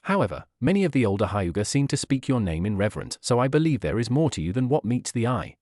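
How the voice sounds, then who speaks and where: A man's voice: medium pitch, big pitch swings, fast talker, darkish tone, dry recording, clean studio sound, natural voice. A man reading aloud as a haughty, arrogant teenage boy prodigy in a fan story. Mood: sneering. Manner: sneering, condescending.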